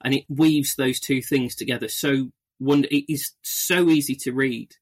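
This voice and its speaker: A man's voice: mid-range voice, steady tone, normal speed. A man hosting a podcast in casual chat. He talks with eager enthusiasm and often stammers and restarts his words. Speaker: podcast host.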